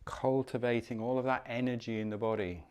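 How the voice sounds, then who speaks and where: A man teaching a movement class, giving calm, unhurried cues with soft encouragement while he moves nearer to and farther from the mic. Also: medium pitch, smooth. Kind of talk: guided movement class instruction.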